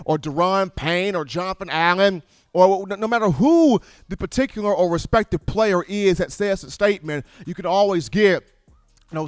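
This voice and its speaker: A man's voice: high voice, smooth, no room sound. A man hosting a college football show, talking animatedly with many restarts and repeated phrases. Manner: animated, repetitive, stumbling restarts. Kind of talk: casual sports commentary.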